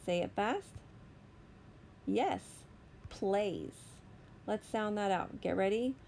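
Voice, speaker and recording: A woman teacher giving a slow, deliberate phonics lesson to young children, stretching out each sound. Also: medium pitch, animated, creaky, darkish tone, slight background noise. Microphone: recorded voice-over for a whiteboard lesson video.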